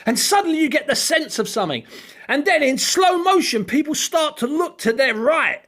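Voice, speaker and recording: A man, co-hosting a casual chat and telling stories with animated laughter. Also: very high-pitched, normal speed. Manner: animated storyteller, laughs often. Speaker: podcast co-host.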